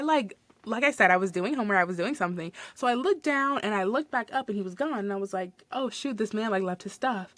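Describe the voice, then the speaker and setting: A young woman hosting a podcast, telling a work story in a casual, animated way, full of fillers and acted-out quotes. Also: medium pitch, dry recording. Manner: animated, swears, many "like" fillers, acts out quotes. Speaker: podcast host.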